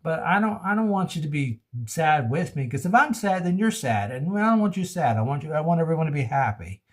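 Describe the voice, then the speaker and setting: A man's voice: on the high side, expressive, a little fast. A man vlogging into his phone, rambling casually in a goofy way and laughing often. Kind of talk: casual rambling monologue to camera.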